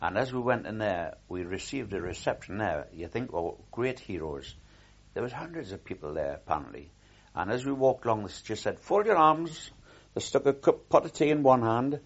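A man's voice: medium pitch, darkish tone, dull audio. An older man recalling his war service in a rambling oral history, with frequent restarts and repeated words.

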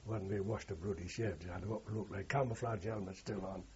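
Brief: older man, war veteran interviewee, husky dark voice, anecdotal rambling, old lo-fi recording. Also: sits low, fairly even intonation, a little fast. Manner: rambling anecdotal, frequent "you know" and "like". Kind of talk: oral history recollection.

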